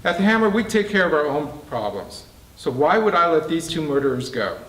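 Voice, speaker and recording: A man's voice: fairly high pitch, big pitch swings, brisk, a bit bright. Smug taunting prison boss, read by a man. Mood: mocking. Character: mocking scheming male prison boss. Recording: roomy, distant mic.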